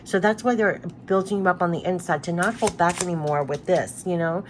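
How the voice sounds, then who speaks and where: A woman's voice: on the low side, brisk, background noise. A woman giving a spiritual card reading to her viewers, earnest and repetitive, moved close to tears. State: tearful. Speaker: tarot card reader.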